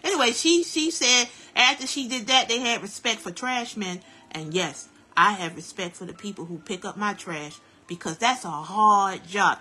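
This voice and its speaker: A woman hosting a live stream from home while doing hair, giving chatty, preachy life advice in a lively, down-to-earth way. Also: mid-range voice, husky. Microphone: phone live stream.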